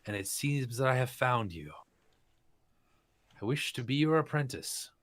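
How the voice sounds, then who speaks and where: A man's voice: medium pitch, lively intonation, measured pace, fairly bright tone, pitched above the performer's own voice. A man voicing a young woman adventurer who speaks in a flowery, overly polite way. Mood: flattering.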